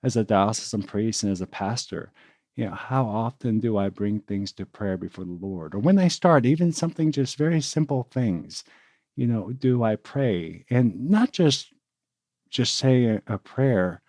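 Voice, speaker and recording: A man's voice: fairly low pitch, expressive, measured pace, mellow, dry recording. A man, a diocesan priest, co-hosting a podcast and reflecting earnestly on a saint, with small restarts. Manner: earnest, reflective, with repeated words. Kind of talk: casual podcast chat.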